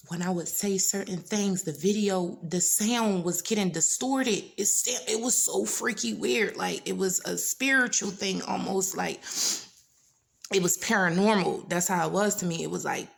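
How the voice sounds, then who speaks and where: A woman vlogger giving a personal testimony, talking earnestly, repeating phrases for emphasis and sometimes dropping to a hushed whisper. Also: fairly low pitch, moderate pace, gravelly. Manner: drops into hushed whispers at times.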